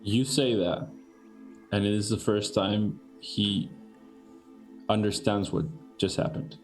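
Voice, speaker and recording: A man's voice: on the low side, steady tone, slow pace, faint music behind, rough recording. A man narrating as game master, hesitant and full of restarts.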